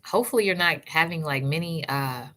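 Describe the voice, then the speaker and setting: Low-voiced woman chatting on a livestream. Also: fairly quick. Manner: warm, chatty, answers live chat by name, calls viewers sis and love; encouraging, advice-giving. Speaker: natural hair vlogger. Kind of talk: casual livestream chat.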